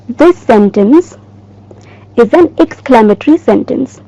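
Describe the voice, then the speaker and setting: Lady teacher, slow clear lesson, repeats stuff for kids. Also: sits high, animated, darkish tone, dry recording, low-quality recording. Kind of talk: recorded classroom lesson.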